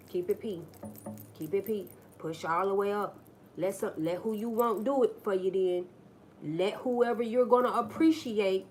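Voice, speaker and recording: Woman, livestream host, blunt and profane, acts out people in her stories, mid-pitched voice, faint background noise. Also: unhurried. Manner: blunt, profane, talks straight to viewers. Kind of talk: casual live-stream storytelling.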